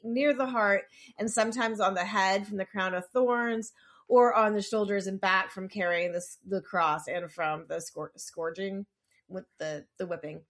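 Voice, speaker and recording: A woman co-hosting a podcast in a casual, chatty way. She reads definitions and history from her notes, breaking off for small apologetic asides. Her pitch sits right in the middle. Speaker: podcast co-host. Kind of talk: casual chat, reading lore notes.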